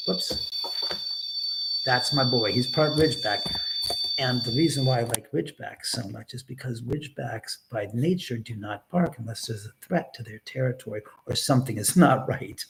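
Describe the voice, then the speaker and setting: A man's voice: mid-range voice, normal speed, gravelly, noisy background. Rambling man chatting on a home livestream. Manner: rambling, talks to chat and his dog, swears when angry. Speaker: livestream host. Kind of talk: casual livestream chat. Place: indoors at home.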